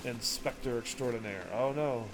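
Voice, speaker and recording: Excitable, rambling male gamer. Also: medium pitch, moderate pace. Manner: rambling, excitable, breaks into laughter. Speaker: gaming streamer. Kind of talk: casual gameplay commentary. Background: faint game music.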